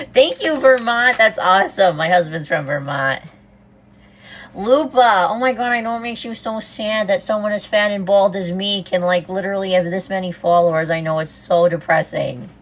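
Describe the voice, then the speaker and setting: A woman from the US East Coast on a cooking livestream, bubbly, greeting viewers one after another and saying "oh my God" a lot. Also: fairly low pitch. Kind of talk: casual livestream chat.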